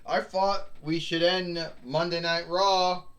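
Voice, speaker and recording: A man's voice: a little high, fairly even intonation, takes it slowly, a bit bright. A man narrating a homemade toy wrestling show as commentator, rambling and restarting his sentences. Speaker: play-by-play narrator.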